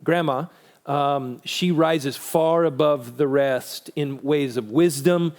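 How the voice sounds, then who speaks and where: A middle-aged man speaking casually at a parenting conference, relaxed and conversational, answering questions from the room. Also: on the high side, slow pace. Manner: relaxed and conversational, many restarts.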